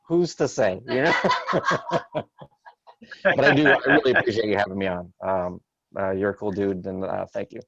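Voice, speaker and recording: A man's voice: on the low side, normal speed, gravelly, pauses often, breathy edge, dull audio. A man in his thirties doing a rambling stand-up set over a video call, hesitant with many fillers. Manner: rambling, hesitant with many fillers, jumps loud for quoted outbursts. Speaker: stand-up comedian.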